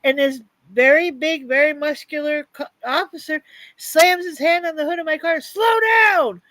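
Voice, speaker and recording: A woman's voice: high-pitched, fairly even intonation, moderate pace, a bit bright, dry recording, poor audio. A woman hosting a casual chat, telling stories in a drawling way. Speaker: host.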